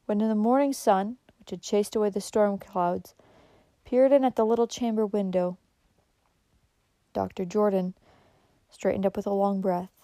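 A woman narrates a story in a gentle, measured reading manner. Her voice is mellow and warm, and the recording is close and dry, with no room sound. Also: medium pitch, steady tone, dry recording.

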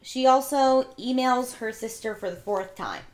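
A woman's voice: a little high, measured pace. A woman in a casual podcast chat, retelling a film scene and acting out the dialogue.

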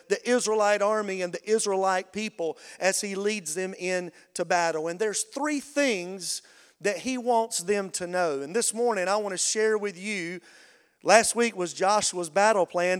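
A man's voice: high voice, clear, resonant tone. Pastor guy preaching hard, gets the crowd calling back, clean resonant voice, echoey big church. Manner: energetic call-and-response preaching. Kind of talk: sermon. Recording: long reverb of a large hall.

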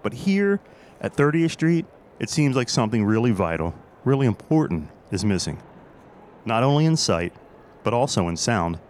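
A man's voice: medium pitch, sing-song, normal speed, a little mellow, a little hiss or hum. A man hosting a podcast, talking through an on-location audio diary inside a train station concourse in a chatty, nostalgic way with joking asides. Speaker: podcast host.

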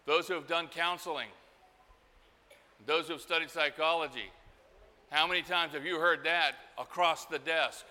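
A middle-aged man preaching a sermon, telling a story slowly and acting out the voices in it. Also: fairly high pitch, fairly even intonation, pushed and bright. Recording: hall reverb.

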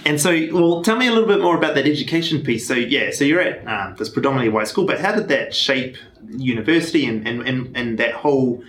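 A man's voice: medium pitch, lively intonation, fast, hardly any pauses, fairly bright tone. A man hosting a podcast, asking a guest questions in a laid-back, encouraging manner. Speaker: podcast host. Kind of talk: interview questions, casual chat. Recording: echoey room.

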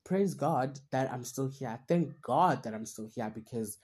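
Her voice very deep, husky, and darkish, a young woman hosts a podcast with lively intonation at a measured pace. In a long, earnest, self-searching monologue, she rambles through her own struggles.

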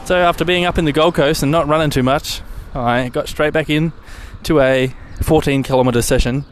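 A man's voice: on the high side, normal speed, a little hiss or hum. Rambling casual male podcaster. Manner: rambling, relaxed, swears casually. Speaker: podcast host. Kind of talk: casual solo podcast chat.

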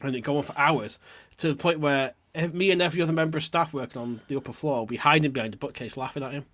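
A man's voice: on the high side, quick pace, fairly bright tone. A man, co-hosting a podcast and telling a story with lots of swearing and mock drama. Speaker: podcast co-host.

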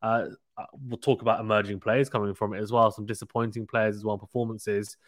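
A man's voice: fairly low pitch, little pitch movement, a little fast, dry recording, studio quality. A man hosting a casual cricket podcast, chatty and teasing, laughing often. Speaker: podcast host.

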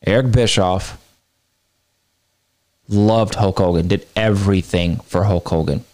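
A man hosting a wrestling podcast, delivering a heated, profane opinion rant that swings between low mutters and high outbursts. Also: measured pace, a little mellow. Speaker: podcast host.

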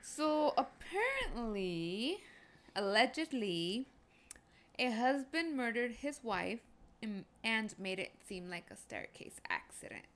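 A woman's voice: a little high, sing-song, slow pace, a bit bright. A woman chatting casually about a true-crime case, matter-of-fact with brief affirmations.

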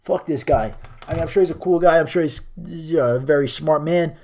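Young guy doing a solo podcast, swears a lot, sarcastic rants, kinda high voice. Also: fairly quick, darkish tone. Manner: profane, sarcastic, ranting. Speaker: podcast host. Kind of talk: solo podcast, reacting to articles.

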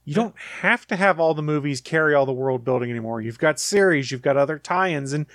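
A man co-hosting a podcast, sharing opinions in a relaxed, casual way. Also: fairly high pitch, brisk, dry recording, clean studio sound. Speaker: podcast co-host. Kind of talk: casual chat.

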